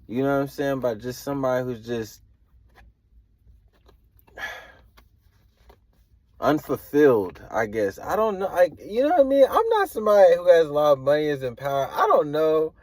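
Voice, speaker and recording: A man's voice: a little high, sing-song, normal speed, pauses often, darkish tone, no room sound. A man giving a casual tarot reading, rambling and hedging with slangy filler talk. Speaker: tarot reader.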